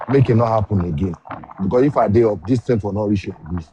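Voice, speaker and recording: A man with a Nigerian accent on a live stream, calm and appeasing, begging for peace. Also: on the low side, quick pace, dull audio, noisy background. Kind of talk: casual live-stream talk.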